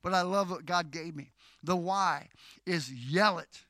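Middle-aged pastor guy preaching, bright sharp voice, slow then loud and declaiming, dry close sound. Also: sits high, dry recording. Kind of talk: sermon.

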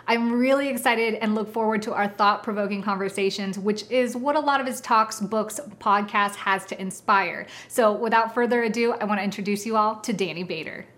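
A woman's voice: medium pitch, fairly quick, few pauses, fairly bright tone. A woman with a mid-range voice hosts a podcast interview. She speaks casually and enthusiastically, leaning on fillers as she introduces her guest and asks him questions. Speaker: podcast host. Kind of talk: interview hosting.

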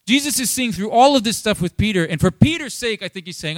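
A man preaching a sermon in a casual, conversational way, acting out quoted dialogue with animated inflection. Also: sits high, quick pace, no room sound. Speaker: pastor.

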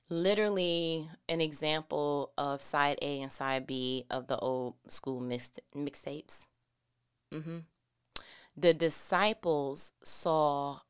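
A woman's voice: sits low, clean tone. A woman giving a casual Bible teaching. She reads scripture aloud and breaks into playful, slangy asides.

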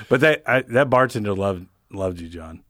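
A man's voice: fairly low pitch, animated, measured pace, fairly bright tone, no echo. A man co-hosting a comedy podcast, chiming in and finishing his partner's lines in casual chat.

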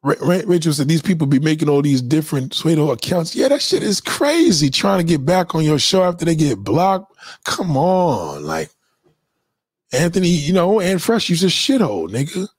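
Animated, profane man with a lively voice. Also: a little high, moderate pace, breathy edge, dry recording, clean studio sound. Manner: animated, profane, mocking commenters. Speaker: livestream host. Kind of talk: casual livestream rant.

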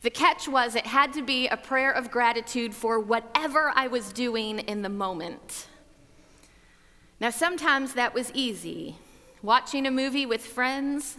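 Slow, reflective woman telling a story. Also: a little high, pushed and bright, long reverb tail. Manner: slow, reflective, measured delivery. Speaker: speaker. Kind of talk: storytelling talk on gratitude.

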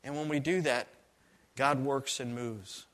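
A male pastor telling a story in a sermon, in an earnest, animated way and often repeating phrases. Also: medium pitch, unhurried.

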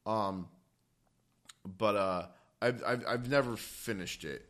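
Male podcast co-host, crisp bright tone, casual rambling delivery. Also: on the low side, slow. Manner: rambling, many fillers and restarts. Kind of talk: casual gaming podcast chat.

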